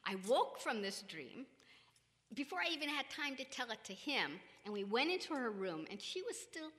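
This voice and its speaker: A woman telling a family story in a lively, animated way, acting out what others said. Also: high-pitched, moderate pace, big-room sound. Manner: animated, acts out quoted voices, laughs often. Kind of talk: spiritual storytelling with partner.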